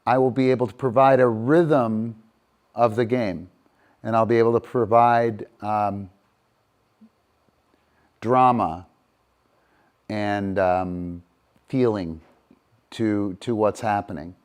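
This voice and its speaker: A middle-aged man teaching dog training live. He praises the dogs softly and then explains each game in a steady, unhurried way, moving nearer to and farther from the mic. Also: lowish voice.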